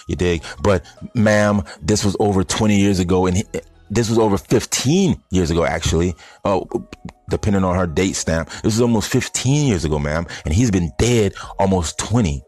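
A man's voice: sits low, fairly quick, hardly any pauses, darkish tone, no room sound, faint music behind. A man giving a blunt, rambling, casual opinion monologue to his audience of stoners. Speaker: vlogger addressing stoner audience.

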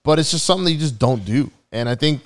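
A man's voice: fairly high pitch, expressive, fast talker. A man co-hosting a podcast, chatting loosely with lots of fillers and swearing. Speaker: podcast co-host. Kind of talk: casual chat.

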